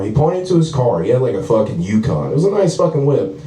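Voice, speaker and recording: A man's voice: medium pitch, sing-song, brisk, warm tone, recorded from a distance. A man performing a stand-up comedy set, rambling and profane, often laughing through his lines. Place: house comedy show, indoors. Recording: roomy live venue, mic from afar.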